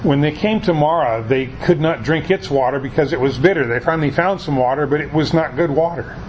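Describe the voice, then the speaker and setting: A man giving a conversational sermon, talking in a folksy, halting way with frequent restarts. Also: on the high side, dull audio, slight background noise. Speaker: preacher.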